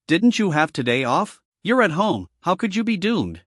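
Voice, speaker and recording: A man's voice: sits high, big pitch swings, moderate pace, a bit bright, dry recording, studio quality, exaggerated voice. A man voicing a puzzled, dismissive female talent manager. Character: calm female talent manager, older sister type.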